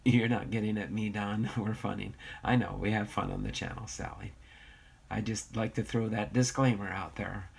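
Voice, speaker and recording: A man's voice: lowish voice, steady tone, normal speed, vocal fry, slightly rough. An American man hosting a casual livestream, reading viewer comments aloud and bantering, with a slightly nasal voice. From United States. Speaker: livestream host.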